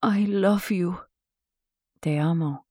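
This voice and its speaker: A woman voicing a glamorous female jewel thief from a film, speaking accented English in a husky, pleading, emotional voice. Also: lowish voice, slow pace, darkish tone, no echo, studio quality. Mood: tender.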